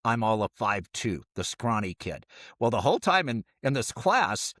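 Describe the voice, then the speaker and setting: A man's voice: mid-range voice, sing-song, normal speed, fairly bright tone, dry recording. Middle-aged male co-host, acts out every voice in his story, dry studio read. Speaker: podcast co-host. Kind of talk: casual storytelling.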